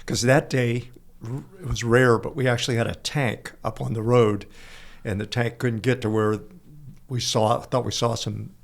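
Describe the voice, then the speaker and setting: Older male guest, gravelly, rambling anecdotes with laughter. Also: medium pitch, steady tone. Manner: halting, repeats words, laughs while telling stories. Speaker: guest, veteran and author. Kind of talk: casual storytelling interview.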